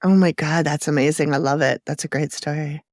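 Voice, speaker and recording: A woman's voice: low-pitched, fairly even intonation, fairly quick, a little mellow, no room sound, clean studio sound. A woman hosting a podcast, who chats casually and asks rambling questions between laughing asides. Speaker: podcast host. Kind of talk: casual interview chat.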